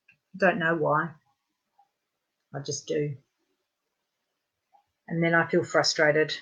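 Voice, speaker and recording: Female practitioner leading guided tapping, a bright, clear tone, informal and gentle. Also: low voice. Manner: gentle, repetitive guided statements for listeners to echo; chatty and informal, with frequent fillers.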